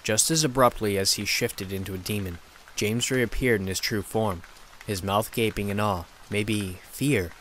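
A man reads a scary story with steady, dramatic delivery. His voice sits fairly low, and faint noise runs underneath. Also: measured pace. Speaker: horror story narrator. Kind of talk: scripted horror narration.

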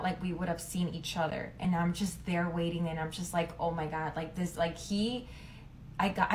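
Young woman rambling through a story, lotta "like", kinda low voice. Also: slight background noise. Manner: chatty, lots of "like", dramatic retelling. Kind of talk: casual storytelling.

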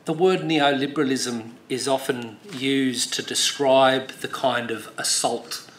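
A man's voice: mid-range voice, fairly bright tone, slight background noise. Middle-aged man speaking in an echoey hall. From Australia. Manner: storytelling, many fillers and restarts; rousing and emphatic. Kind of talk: speech.

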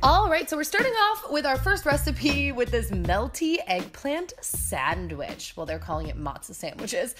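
A woman's voice: high-pitched, big pitch swings, normal speed, few pauses, music in the background. A woman vlogger talking in a bubbly, upbeat, chatty way as she walks through a cooking video in her new, mostly empty kitchen. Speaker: lifestyle vlogger. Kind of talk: casual cooking vlog talk.

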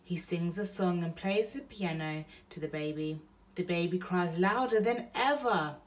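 Slow, gentle bedtime story reader woman. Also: on the low side, recorded from a distance. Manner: slow, gentle read-aloud pacing. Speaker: parent reading aloud.

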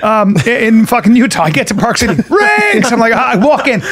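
A middle-aged man with a notably high voice spins a rowdy tale on a podcast. He talks loosely, swears freely and jumps into other people's voices as he goes. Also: fast. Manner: animated, profane, acts out other people's voices. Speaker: podcast co-host. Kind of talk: casual storytelling chat.

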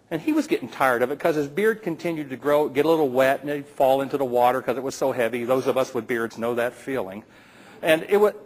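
A man's voice: fairly high pitch, poor audio. A man telling a playful folk tale aloud to a live audience, with teasing asides to the listeners. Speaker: storyteller.

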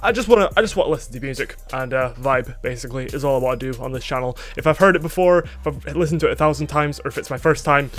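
Young man from Scotland, quick rambling chatter, joking at himself, faint music behind. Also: mid-range voice, fairly bright tone. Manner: rambling, chatty, self-mocking, with many fillers. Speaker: music reaction YouTuber. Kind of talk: casual reaction commentary.

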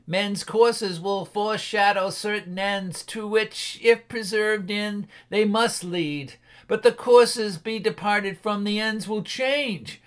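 A man reading a storybook aloud and voicing Ebenezer Scrooge as a frightened old miser begging a ghost, in a high, strained, pleading voice. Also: slow pace, few pauses, fairly bright tone. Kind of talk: dramatic audiobook reading.

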